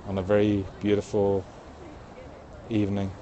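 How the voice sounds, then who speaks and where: A man's voice: on the low side, monotone, moderate pace, dull audio. Middle-aged man chatting on a windy riverbank. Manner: chatty, greeting viewers one by one. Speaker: live-streaming vlogger. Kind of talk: casual live-stream chat. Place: outdoors on a riverbank at sunset. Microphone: phone held by the streamer. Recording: wind noise on a phone mic outdoors.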